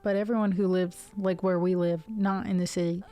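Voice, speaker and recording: A woman's voice: lowish voice, flat delivery, fairly quick, warm tone. A woman from the Ohio River Valley hosting a music livestream, chatting casually and rambling with restarts and fillers. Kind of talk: casual chat with stream viewers.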